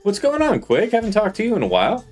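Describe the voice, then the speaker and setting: A man's voice: high-pitched, huge pitch swings, fast talker, crowd noise. A man hosting a live gaming stream, chatting casually with guests while he plays. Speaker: streamer host.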